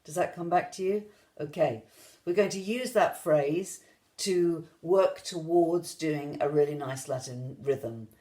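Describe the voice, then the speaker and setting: A woman's voice: low voice, unhurried. A woman music teacher giving an online rhythm lesson, explaining patiently step by step to viewers at home. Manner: gentle, patient step-by-step instruction.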